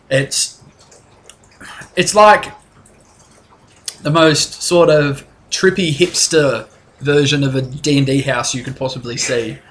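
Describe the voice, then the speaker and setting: Bright-voiced casual game master. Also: male voice, mid-range voice, slight background noise. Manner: casual, laughing, swearing narration with fillers. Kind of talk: narrating a tabletop game.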